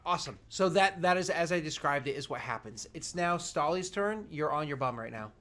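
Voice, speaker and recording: A man narrating a tabletop game as game master, describing the action in an unhurried, descriptive way over an online voice call. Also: fairly high pitch, animated, fairly bright tone.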